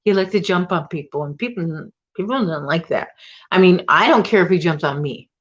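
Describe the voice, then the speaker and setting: A woman's voice: lowish voice, expressive, a little fast. Chatty woman livestream host, muffled audio. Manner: chatty, rambling, lots of "like" and "oh my gosh". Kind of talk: casual chat with live viewers.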